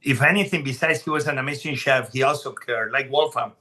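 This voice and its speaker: Bright, animated man telling stories. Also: mid-range voice, a little fast, slight background noise. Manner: animated, emphatic, restarts sentences. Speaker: chef guest. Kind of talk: casual podcast storytelling.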